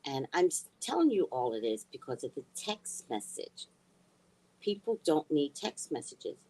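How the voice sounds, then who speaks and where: A middle-aged woman telling a personal story in a blunt, heated way, swearing freely and swinging from hushed asides to near shouting. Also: low-pitched, very animated, a little slow, rough recording. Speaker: spiritual reader and vlogger. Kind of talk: casual storytelling rant.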